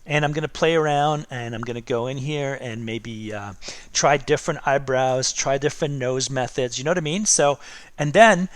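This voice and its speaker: A man's voice: medium pitch, normal speed. A middle-aged man teaching art over a drawing demo, chatty and encouraging, checking in with "okay?" and "right?" all the time.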